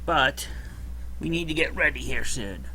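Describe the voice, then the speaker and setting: A man's voice: mid-range voice, lively intonation, a little slow, sharp tone, breathy edge, rough recording. A man acting as game master for a tabletop game, hesitant, with many restarts.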